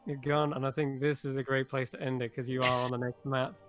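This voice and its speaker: A man narrating as game master of an online tabletop game, animated and playful. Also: medium pitch, a little fast, faint music behind.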